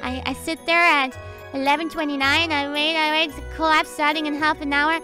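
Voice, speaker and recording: A young woman streamer telling a story in casual chat, excitable and giggly, often repeating her words. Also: high voice, moderate pace, music in the background.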